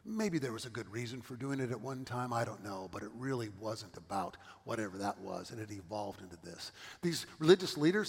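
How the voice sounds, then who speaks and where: A man's voice: on the high side, long reverb tail. A middle-aged man from California, a pastor giving a sermon and telling stories with asides to the congregation.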